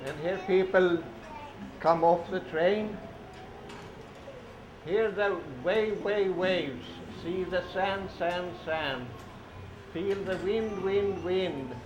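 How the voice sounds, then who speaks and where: Reading train picture books aloud for children, a man with a voice that sits high goes slowly and sing-song, repeating words and encouraging the kids to say the train sounds with him. He's a children's storybook reader, captured in an echoey room with dull, noisy lo-fi sound.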